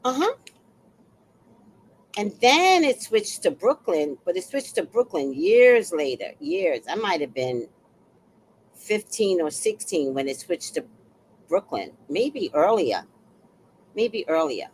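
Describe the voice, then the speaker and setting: Lively, slow-talking woman in her sixties. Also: lowish voice, a little hiss or hum. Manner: animated, playful, repeats phrases. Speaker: host. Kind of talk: reaction commentary.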